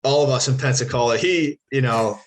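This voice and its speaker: Man from the Philly area, mid-pitch voice, loose and profane, rambles and restarts mid-sentence. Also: fairly quick. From Philadelphia area. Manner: rambling, profane, self-correcting. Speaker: podcast co-host, former ballplayer. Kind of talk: casual storytelling.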